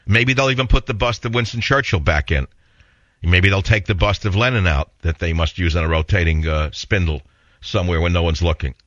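A man's voice: on the low side, fairly bright tone, no room sound, muffled recording. A man with a heavy New York accent hosting a talk radio show, opinionated and rambling in a blunt monologue.

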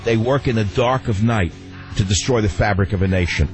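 A man hosting a radio talk show, ranting in an animated, exasperated way into a studio mic. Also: on the low side, fairly quick, soft background music.

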